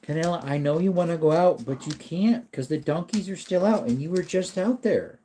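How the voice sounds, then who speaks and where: A man's voice: fairly high pitch, animated, normal speed, dark tone, slight background noise. Man chatting on a casual livestream. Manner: rambling, talks to chat and to his dog. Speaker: livestream host. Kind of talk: casual livestream chat with viewers.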